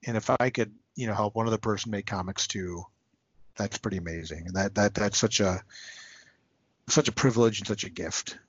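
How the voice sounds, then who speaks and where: A man's voice: lowish voice, a little fast, slightly rough. A man guest on a podcast, talking in a casual, earnest, heartfelt way with many restarts, choked up with emotion. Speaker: podcast guest, comics writer. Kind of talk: casual interview talk. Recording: slightly muffled dry podcast audio.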